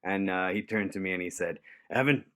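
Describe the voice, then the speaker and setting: A man telling a story in a relaxed, chuckling way, with lots of fillers. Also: low voice, a little fast, clear, resonant tone. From Canada. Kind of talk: casual storytelling.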